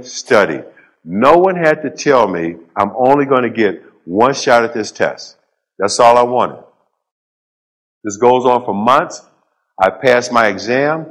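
Middle-aged man telling his story on stage. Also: medium pitch. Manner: punchy, short phrases with dramatic pauses and dry humor. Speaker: public speaker. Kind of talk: motivational storytelling speech. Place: stage before a live audience.

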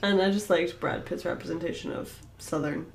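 A woman co-hosting a movie podcast, talking in a relaxed, hesitant way with many fillers. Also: lowish voice, fairly quick, creaky, a little hiss or hum. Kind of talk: casual movie podcast chat.

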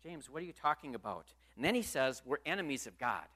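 A man's voice: medium pitch, sing-song, quick pace, sharp tone. A male pastor preaching a sermon in church, emphatic and full of rhetorical questions.

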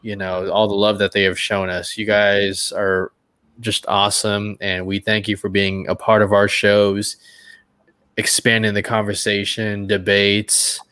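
A man's voice: lowish voice, completely flat delivery, unhurried, pushed and bright, smooth, no echo. A young man co-hosting a podcast, easygoing and joking as he does the channel plug. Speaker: podcast co-host. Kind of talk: casual chat, channel plug.

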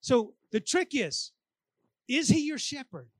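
A man's voice: very high-pitched, sing-song, slow, no room sound. A man preaching a sermon in a church, acting out his own prayers as he talks. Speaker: pastor. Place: church sanctuary.

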